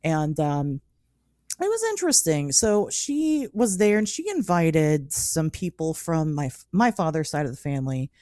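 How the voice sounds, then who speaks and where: A woman in her thirties hosting a podcast, telling stories in a casual, animated way with frequent laughs and many "like" fillers. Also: deep voice, measured pace, dry recording, clean studio sound. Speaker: podcast host. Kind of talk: casual storytelling chat.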